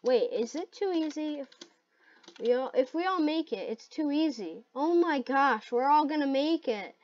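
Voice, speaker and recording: A woman giving excited gameplay commentary, shrieking and laughing at close calls. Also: high voice, moderate pace. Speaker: gaming video host. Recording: dull lo-fi mic.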